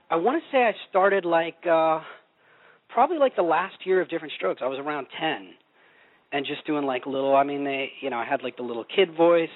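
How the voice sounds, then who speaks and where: A middle-aged man from Oklahoma, a voice actor guest, talking in a rambling, laid-back way with many restarts. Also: fairly high pitch. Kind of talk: casual interview. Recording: dry, tinny phone-line sound.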